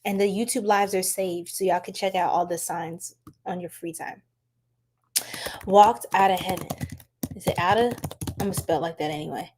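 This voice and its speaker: A young woman hosting a casual tarot-reading livestream, chatty and quick to laugh, talking straight to her chat. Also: on the low side, a little mellow. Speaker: tarot reader, livestream host.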